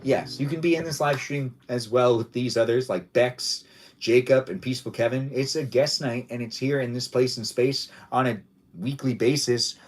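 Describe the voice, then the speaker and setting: A man with a medium-pitched voice hosts a casual livestream at a moderate pace. He rambles playfully and repeats his own phrases while chatting with viewers and guests.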